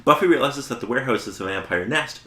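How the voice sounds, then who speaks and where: Lively laughing man recapping. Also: mid-range voice, fast talker, echoey room. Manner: laughs often, animated plot summary. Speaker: podcast co-host recapping episode. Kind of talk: casual podcast recap.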